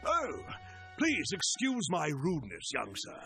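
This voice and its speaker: A man's voice: on the high side, huge pitch swings, measured pace, bright, forceful tone, breathy edge, faint music behind, voice pushed up, exaggerated voice. A man voicing a courteous elderly male butler in formal, old-fashioned phrasing while reading game dialogue.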